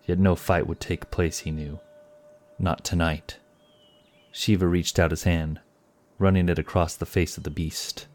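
A man narrating a fantasy story in a measured, scripted way. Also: low voice, level tone, a little mellow, no room sound.

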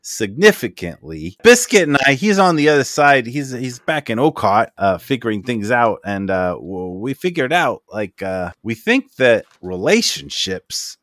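A man voicing an excitable, rambling male inventor who stammers as he talks. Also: medium pitch, a little slow, hardly any pauses, dry recording, studio quality, pitched above the performer's own voice. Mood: excited, eager. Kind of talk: voicing a character in a tabletop game.

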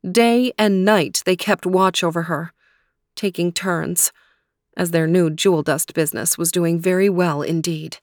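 A woman reads a children's fairy tale in a calm, measured manner, taking her time over each phrase. Her voice sits a little low, and the recording is dry and close, with no room sound. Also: dry recording. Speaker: storyteller. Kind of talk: storybook reading.

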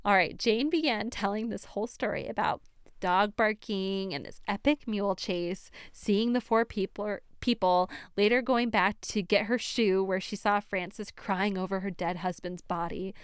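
Chatty woman podcaster, smooth dry voice. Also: mid-range voice, unhurried, dry recording. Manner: chatty, laughs often, emphatic asides. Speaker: true crime podcast host. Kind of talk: casual storytelling narration.

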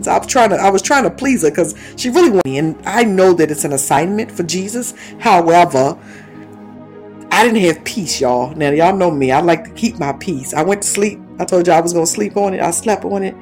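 A woman's voice: on the low side, fairly quick, soft background music. A woman in her fifties preaching a conversational sermon, telling stories with laughs and asides and breaking into speaking in tongues. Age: 50s. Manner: lively storytelling with laughs and asides.

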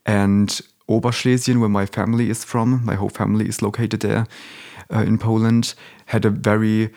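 A man's voice: on the low side, little pitch movement, moderate pace, gravelly, a little mellow. A young man born in Germany, talking as an interview guest in a casual, hesitant way, often restarting and searching for words.

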